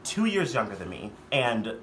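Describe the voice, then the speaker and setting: Give me a young man with a sharp, bright voice, swearing casually as he tells a story. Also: on the low side, big pitch swings, moderate pace, a little hiss or hum. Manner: casual, profane, rambling with fillers. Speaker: vlogger. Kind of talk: storytime vlog.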